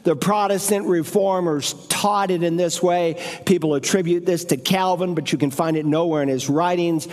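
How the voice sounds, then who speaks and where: A man's voice: sits high, normal speed, hardly any pauses, a little mellow. A man preaching a sermon in a church, with sing-song emphasis, acting out short voices in his stories. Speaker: pastor. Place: church sanctuary. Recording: long reverb of a large church.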